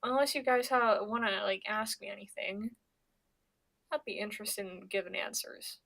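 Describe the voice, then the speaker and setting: A woman's voice: mid-range voice, fairly even intonation, moderate pace, creaky, a bit bright. Profane rambling young woman streamer. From Pennsylvania. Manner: rambling and profane, with stammered restarts. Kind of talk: casual chat.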